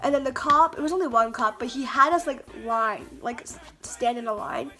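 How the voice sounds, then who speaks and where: A woman's voice: on the high side, normal speed, pushed and bright. A woman telling a story to her camera in a casual vlog, chatty and stammering, with lots of fillers and restarts. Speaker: vlogger. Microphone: camera mic.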